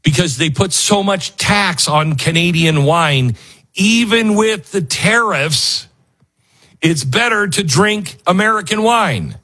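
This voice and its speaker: A man's voice: sits high, slow pace, husky. A man hosting a talk show, giving sarcastic, mocking opinionated commentary. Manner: sarcastic, mocking, lively with laughs.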